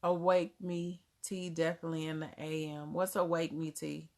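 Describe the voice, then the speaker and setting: A woman's voice: deep voice, little pitch movement, normal speed, darkish tone. A woman with a Southern US accent, chatting casually on a livestream and answering viewers, laughing often. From Germany. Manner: drops words, casual grammar. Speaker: livestream host. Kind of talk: casual live chat reading comments.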